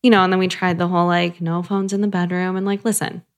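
Podcast guest, woman, 30s, low-ish voice, candid and loose, swears a lot, heavy "like" filler. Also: flat delivery, fast. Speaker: podcast guest, business owner. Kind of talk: casual chat.

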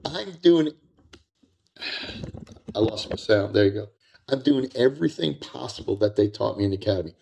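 An older American man, a retired drug agent, telling animated war stories as a podcast guest, repeating words and acting out quotes. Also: fairly low pitch, moderate pace, gravelly, pauses often, slight background noise.

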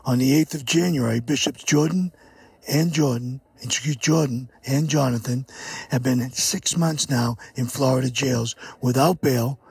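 A man's voice: mid-range voice, measured pace, creaky, a little mellow, breathy edge, no echo. An older man, a church leader, giving a solemn recorded message to his followers.

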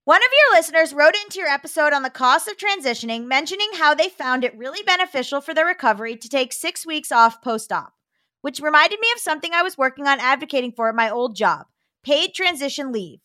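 A woman's voice: sits high, animated, fast, sharp tone, no room sound, clean studio sound. A woman co-hosting a podcast, reading listener letters aloud and riffing with a laugh between them.

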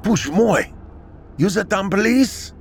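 A man's voice: deep voice, lively intonation, takes it slowly, slight background noise, exaggerated voice. A man voicing a cold, curt Russian woman who is a tattoo artist and killer, speaking in a thick Russian accent. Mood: angry. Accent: Russian (put on). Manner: curt, dismissive, shouting when disturbed.

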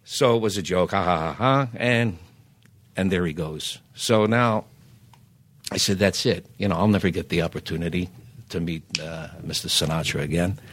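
An older man, a singer guest telling lively anecdotes in casual chat, stammering on restarts and acting out other people's lines. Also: low voice, moderate pace, dry recording. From Philadelphia. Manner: animated anecdotes, acts out quoted voices, stammers restarts.

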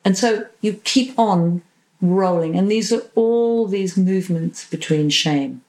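A woman therapist talking in a podcast interview, animated, acting out quoted voices and swearing casually. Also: mid-range voice, unhurried, rough recording. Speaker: psychosexual and relationship therapist, podcast guest.

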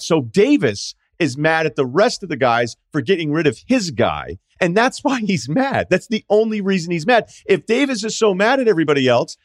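A man's voice: a little high, no echo, clean studio sound. A middle-aged man hosting a sports podcast, delivering an opinionated, sarcastic monologue with mocking asides. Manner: sarcastic, mocking impressions of others. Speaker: podcast host.

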